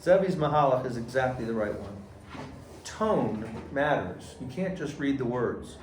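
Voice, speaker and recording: A man's voice: mid-range voice, a little slow, background noise. A man teaching a Torah lesson to a class, asking questions and acting out quotes with rising energy. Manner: animated, asks the class questions, acts out quotes loudly. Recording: echoey room, mic far off.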